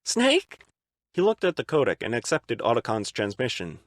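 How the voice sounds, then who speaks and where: A male narrator reading an action audiobook with lively, expressive storytelling. His voice sits in a middle register and swings widely in pitch, and the recording is dry and close, with no room sound. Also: fairly quick, no room sound. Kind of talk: fan-read audiobook narration.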